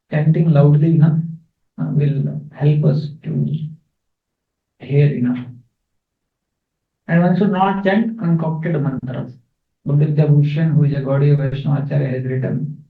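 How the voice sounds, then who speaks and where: A man giving a scripture class, explaining verses slowly with fillers and repeats. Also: on the high side, gravelly. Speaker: spiritual teacher. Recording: echoey, phone-like, distant.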